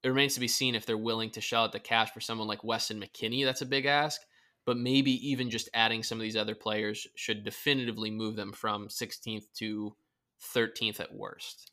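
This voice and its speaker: A man hosting a casual sports podcast with a bright, forceful tone. He sounds confident and opinionated as he steers the talk and sets up each segment. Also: fairly low pitch, level tone, a little fast.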